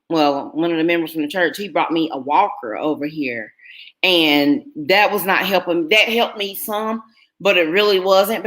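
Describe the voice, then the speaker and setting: A woman's voice: on the low side, fairly bright tone. A middle-aged woman, telling a personal story to her viewers in an earnest, emotional way. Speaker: vlogger.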